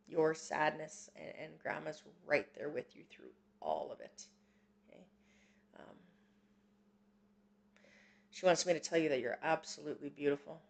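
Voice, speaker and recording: A woman hosting a psychic reading stream, gentle and reassuring, with many pauses and fillers. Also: low voice, expressive, gravelly. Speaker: psychic medium host. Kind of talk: live-stream reading, casual chat.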